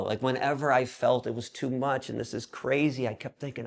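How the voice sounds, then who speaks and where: Gravelly man in his fifties, animated storyteller. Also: medium pitch, normal speed, hardly any pauses. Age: 50s. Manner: animated, profane storytelling with acted quotes. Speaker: interview guest. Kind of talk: storytelling in a conversational interview.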